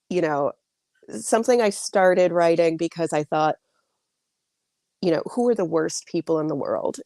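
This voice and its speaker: A woman's voice: low voice, darkish tone, no room sound, studio quality. A woman author answering interview questions in a chatty way, full of likes and restarts, over a video call. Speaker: author guest.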